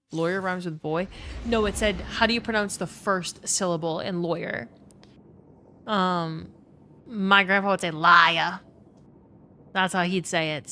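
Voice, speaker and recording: A woman's voice: lowish voice, a bit bright, a little hiss or hum. Chatty, foul-mouthed Louisiana woman streamer. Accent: New Orleans. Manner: chatty, swears freely, reads chat aloud. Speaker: gaming streamer. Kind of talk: casual live-stream chat with viewers.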